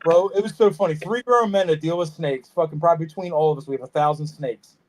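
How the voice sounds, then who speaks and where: A man telling a story in a casual chat, animated and profane, acting out his friends' voices. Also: on the high side, quick pace. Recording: noisy recording.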